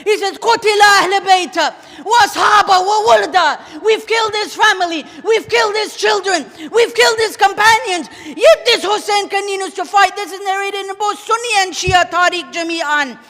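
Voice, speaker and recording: A man preaching an impassioned mourning sermon in a large mosque hall, often shouting and chanting Arabic lines. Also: extremely high pitch, moderate pace, few pauses. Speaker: sheikh. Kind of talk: Ashura majlis sermon. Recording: long hall reverb.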